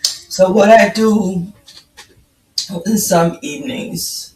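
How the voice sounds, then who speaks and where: A woman's voice: medium pitch, takes it slowly, echoey room, background noise. A woman in her fifties chatting casually on a livestream, greeting viewers by name. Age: 50s. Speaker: livestream host.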